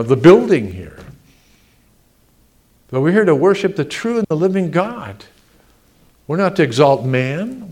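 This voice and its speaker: A man delivering a sermon as pastor, in an ordinary mid-pitched voice. He preaches with emphasis and grows louder and higher when he reads scripture aloud, then drops back to plain explaining. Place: church sanctuary.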